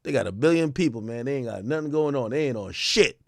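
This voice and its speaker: A man hosting a livestream, riffing casually in a loose, profane way with sudden loud outbursts. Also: medium pitch, expressive, quick pace, vocal fry, dry recording, studio quality. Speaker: livestream host.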